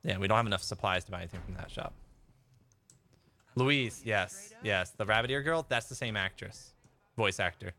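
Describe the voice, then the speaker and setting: With a fairly low, pushed, bright voice at normal speed, a man offers casual commentary while streaming a game. He rambles and chats, laughing and reading his viewers' chat messages aloud.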